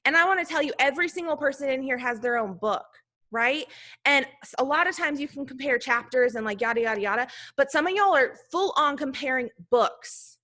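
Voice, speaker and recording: A woman's voice: high-pitched, animated, brisk, pushed and bright. A woman leading her sales team, giving a talkative motivational talk full of "like" and loose asides. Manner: talkative, chatty, heavy use of "like".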